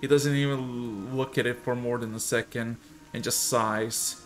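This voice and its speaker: A man's voice: mid-range voice, steady tone, unhurried, fairly bright tone, faint music behind. A man narrating as game master, hesitant with many fillers.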